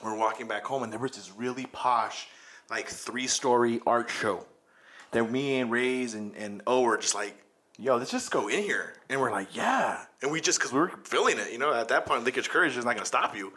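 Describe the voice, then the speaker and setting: A man's voice: mid-range voice, moderate pace, sharp tone. A man co-hosting a casual podcast, eagerly recalling memorable nights and often restarting his sentences. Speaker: podcast co-host. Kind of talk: casual chat.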